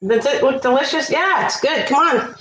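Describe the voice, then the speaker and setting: A woman's voice: high voice, moderate pace, sharp tone. Chatty woman thanking stream viewers. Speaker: livestream cooking host. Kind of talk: casual live-stream chat. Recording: echoey room.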